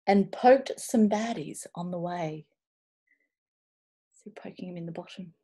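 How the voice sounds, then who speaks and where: A woman reading a children's picture book aloud over a video call, expressive and playful, slipping into whispers and little asides. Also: on the low side, measured pace. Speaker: children's storybook reader.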